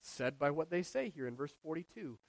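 A man preaching a sermon, moving between loud and hushed delivery and asking the congregation questions. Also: a little high, expressive, a little fast, vocal fry, dry recording. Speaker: pastor.

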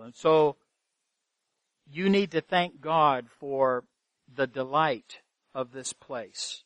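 A man's voice: mid-range voice, slow pace, pauses often, fairly bright tone, no echo. A man preaching a sermon as pastor, earnest, asking rhetorical questions and repeating phrases for emphasis. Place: church sanctuary.

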